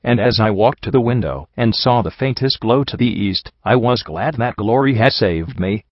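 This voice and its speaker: A man reading a first-person story aloud in a calm, earnest narration. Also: medium pitch, moderate pace, no room sound. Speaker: audiobook narrator. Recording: dull lo-fi, dry.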